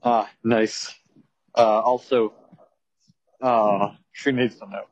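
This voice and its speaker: Teenage male co-host, deadpan and crude; dull, muffled phone-call sound. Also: lowish voice, slow pace, no room sound. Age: teens. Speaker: podcast co-host. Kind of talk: casual chat.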